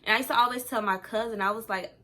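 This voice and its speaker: Talking fast in a fairly high voice, this young woman vlogger tells a loose, rambling story. She gets animated as she performs the quoted dialogue of the people involved.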